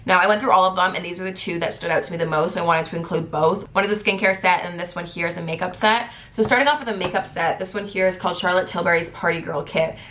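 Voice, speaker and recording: A young woman presenting a casual gift guide vlog, talking fast in a giddy, excitable way. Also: fairly low pitch. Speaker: beauty vlogger.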